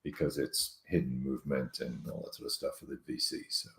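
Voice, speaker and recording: A man's voice: extremely low pitch, little pitch movement, a little fast, a bit bright. A man co-hosting a board game stream in casual chat, laid-back, often giving short agreeing replies. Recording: roomy echo.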